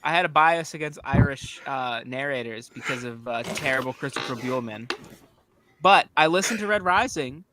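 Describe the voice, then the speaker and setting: A man's voice: medium pitch, moderate pace, background noise. A man from the United States in casual, teasing chat as a livestream guest. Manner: animated, teasing, jokey.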